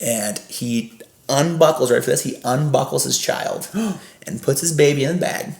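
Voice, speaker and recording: A young man, a podcast guest, animatedly telling a story with quick asides and lots of laughter. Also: mid-range voice, vocal fry, noisy background. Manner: lively, laughing, fast asides with filler "like". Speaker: podcast guest, former scare actor. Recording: roomy echo.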